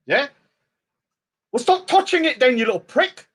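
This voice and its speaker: A man's voice: very high-pitched, sing-song, normal speed, fairly bright tone. A man delivering a taunting rant at a rival, hurling insults and mocking him. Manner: mocking and insulting, mimics his target in a whiny voice. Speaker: street preacher and debater. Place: outdoors at a public speaking spot.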